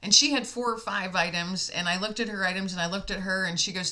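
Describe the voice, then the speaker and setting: A woman's voice: mid-range voice, fairly even intonation, fast, few pauses, sharp tone. An American woman telling a heartfelt personal story in casual conversation, emotional and laughing often.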